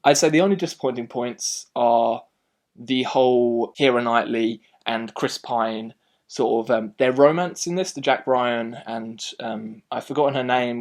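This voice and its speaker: A man hosting a casual film review chat, talking in a rambling, animated way and often restarting his sentences. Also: mid-range voice.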